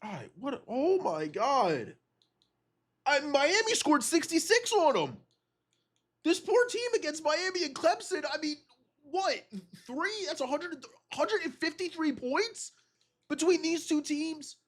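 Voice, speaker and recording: A man with a cold, reacting to simulated game results in an excitable, disbelieving way and swearing often. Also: very high voice, a little slow. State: has a cold. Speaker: gaming video creator.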